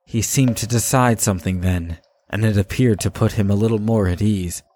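A man narrating a fantasy audiobook in a measured, even storytelling manner. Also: on the low side, slight background noise.

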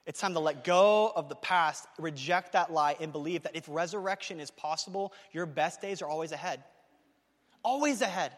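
A man preaching a sermon to his church, talking fast and excitedly, with emphatic repetition. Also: fairly high pitch, big-room sound. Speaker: pastor. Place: church sanctuary.

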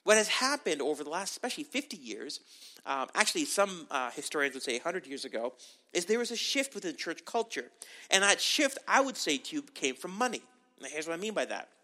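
A middle-aged Canadian pastor with a slightly high voice preaches fairly quickly in a conversational sermon style. His delivery is animated and full of frequent asides.

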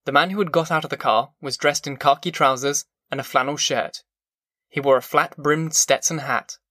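The audiobook is read by a man of medium pitch, whose scripted narration stays even and measured. Studio sound is clean, with no echo.

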